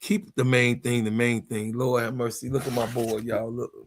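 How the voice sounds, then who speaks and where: A man in his fifties ranting in a casual sports vlog, animated and heated, laughing and swearing freely. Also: medium pitch, normal speed, a little hiss or hum. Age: 50s. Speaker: sports vlogger.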